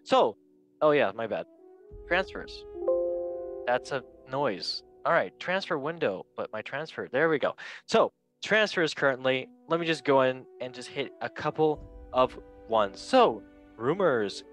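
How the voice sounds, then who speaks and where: A man's voice: mid-range voice, big pitch swings, a little slow, a bit bright, faint music behind, rough recording. A man hosting a casual football podcast, chatty and joking, correcting himself as he reads through transfer news. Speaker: podcast host.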